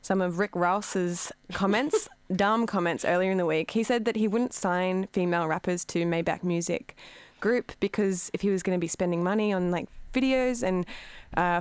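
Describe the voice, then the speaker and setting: A woman's voice: on the low side, clean tone, no echo. A woman co-hosting a radio show, chatting casually with lots of fillers. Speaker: radio co-host.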